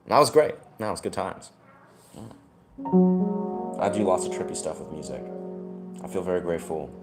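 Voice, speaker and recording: A man talking casually to camera about his hat and music, rambling and laid-back, often pausing to search for words. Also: sits low, animated.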